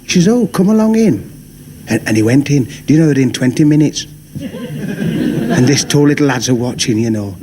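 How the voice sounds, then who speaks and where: A man's voice: medium pitch, wildly swooping pitch, normal speed. A man doing stand-up, telling a long joke in a chatty way with asides. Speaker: stand-up comedian. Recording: noisy 1970s TV recording.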